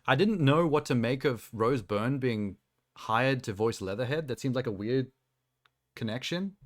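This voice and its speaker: A man's voice: mid-range voice, animated, unhurried. A man streaming from home, chatting casually and rambling through his reactions with frequent laughter. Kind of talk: casual live-stream chat.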